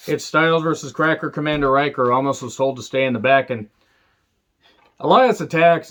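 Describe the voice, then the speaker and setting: A man reviewing a wrestling show in a casual, profane rant, sarcastic and dry, with sudden sharp outbursts. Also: mid-range voice, highs cut off.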